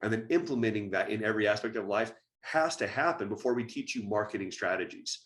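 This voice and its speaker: A man's voice: on the low side, quick pace, a bit bright. A man hosting a podcast interview, speaking earnestly and at length, full of fillers and restarts. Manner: earnest, rambling, filler-heavy. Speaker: podcast host, chiropractor.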